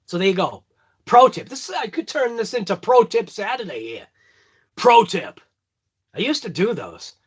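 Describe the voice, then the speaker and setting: High-pitched and sing-song with a breathy edge, a Boston-accented vlogger from the area chats casually to his phone camera at a moderate pace. His morning check-in is rambling, full of jokes, and self-mocking.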